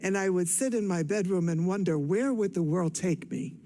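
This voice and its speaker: An older woman from Cleveland, Ohio, out of breath and excited, telling her life story in a rambling, self-correcting way on stage. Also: fairly low pitch, moderate pace. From Cleveland, Ohio, USA. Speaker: guest speaker on stage. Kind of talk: personal storytelling speech.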